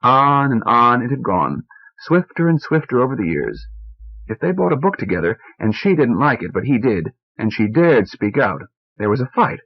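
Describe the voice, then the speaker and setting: Man reading a story aloud, steady and measured, mid-pitched voice, dull old tape sound. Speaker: audiobook narrator. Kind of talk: scripted narration of a short story. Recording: muffled old cassette recording.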